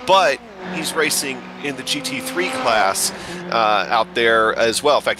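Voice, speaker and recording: A man commentating a sim race, talking haltingly with many fillers as he reads out driver names. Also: mid-range voice. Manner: halting, lots of fillers, stumbles over names. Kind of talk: sim racing broadcast commentary.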